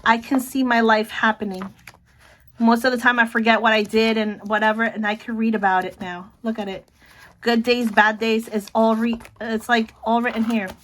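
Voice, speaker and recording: A middle-aged woman chatting casually about her planner, excitable, often breaking off to say look. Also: fairly high pitch, normal speed. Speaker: planner vlogger. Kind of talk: casual show-and-tell chat.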